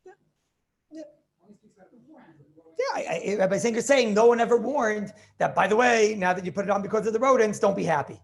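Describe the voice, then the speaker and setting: A man's voice: high-pitched, lively intonation, fairly quick, creaky, pauses often. A man teaching a Talmud class over a video call, thinking aloud with many restarts and questions to his students.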